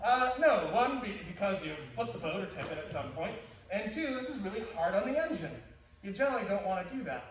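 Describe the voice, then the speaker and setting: A man's voice: sits high, expressive, fairly quick. A man teaching a martial arts class, playful and joking, often restarting his sentences. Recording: echoey hall, distant mic.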